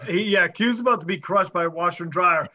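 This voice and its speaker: A man's voice: high voice, fast. A man hosting a live online comedy show, laughing often and bantering easily as he wraps up the night. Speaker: host. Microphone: video call. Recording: dull lo-fi video call audio.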